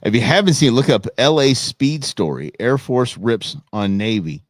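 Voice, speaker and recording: A man's voice: mid-range voice, expressive, moderate pace, no echo, studio quality. A man hosting a live show, chatting casually with viewers and laughing often as he reacts to their comments. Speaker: livestream show host.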